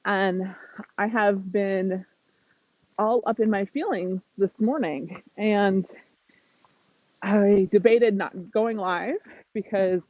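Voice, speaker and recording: A woman's voice: mid-range voice, fairly even intonation, slow, pauses often, no room sound, dull audio. A woman, a mindset coach, talking candidly and emotionally on a live stream while walking outdoors, laughing often. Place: outdoors on a windy walk. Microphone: phone.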